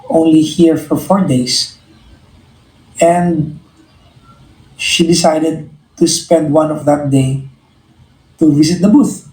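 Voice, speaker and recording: A man's voice: a little high, fairly even intonation, slow, long pauses, a little mellow, reverberant, low-quality recording. A man with a Filipino accent hosting a live stream, speaking in an earnest, reflective way and often restarting his phrases. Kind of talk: casual live-stream chat to viewers.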